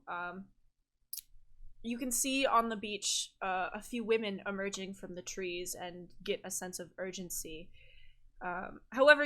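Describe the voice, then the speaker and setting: A woman narrating a tabletop game as game master, describing scenes in a relaxed way with frequent fillers. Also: medium pitch.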